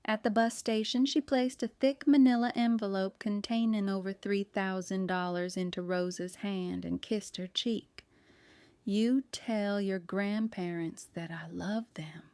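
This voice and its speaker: Woman audiobook narrator, smooth voice, dry studio-close read. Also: medium pitch, a little mellow, no echo. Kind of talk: scripted narration.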